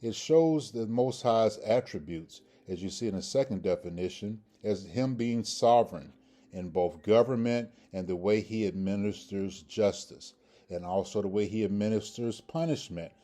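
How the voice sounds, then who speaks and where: A man's voice: lowish voice, normal speed, mellow. A man teaching a recorded grammar lesson, patiently repeating pronunciations and checking in with "okay?" as he goes. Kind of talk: instructional video lesson.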